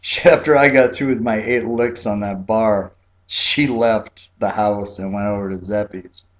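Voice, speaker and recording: Low-voiced man telling a family story. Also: measured pace. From Key West, Florida. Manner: relaxed, chatty, laughs often, frequent fillers. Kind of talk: personal storytelling.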